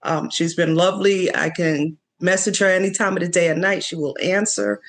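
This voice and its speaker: A man's voice: high voice, moderate pace, a bit bright. A man guest speaking plainly and gratefully, with some fillers.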